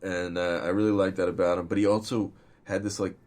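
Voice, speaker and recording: A man with a very deep, low voice chats loosely about his films as their director. He rambles through the talk with plenty of fillers and swears freely and casually. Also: level tone, fairly quick, darkish tone. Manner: rambling and profane, full of fillers. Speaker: film director. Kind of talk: casual podcast interview.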